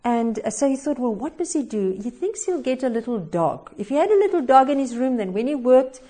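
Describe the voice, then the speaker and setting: Woman preacher with a slightly high voice, dramatic and expressive while retelling a story in a sermon. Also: a little fast.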